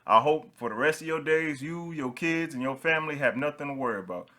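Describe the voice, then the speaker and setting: Young guy hosting a podcast, bright voice, gets loud and laughy telling stories. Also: on the high side, a little fast. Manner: animated storyteller, laughs while telling stories. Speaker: podcast host. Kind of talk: casual podcast chat.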